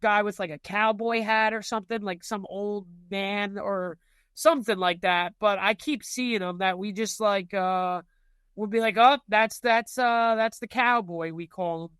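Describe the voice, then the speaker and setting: A man's voice: high-pitched, steady tone, normal speed, a bit bright, smooth, no echo. A young man telling ghost stories in casual chat, rambling with lots of fillers and restarts. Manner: rambling, filler-heavy storytelling.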